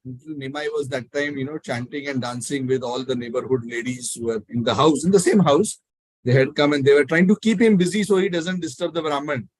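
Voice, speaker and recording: A man telling a devotional story in a talk, animated and acting out the characters. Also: fairly high pitch, fairly quick, slightly rough, dry recording, poor audio. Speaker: spiritual speaker.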